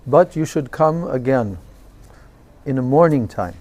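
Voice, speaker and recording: A man, a swami, recounting a personal memory in a slow and reverent devotional talk. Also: medium pitch, expressive, darkish tone. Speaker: swami giving a spiritual talk. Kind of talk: devotional storytelling lecture.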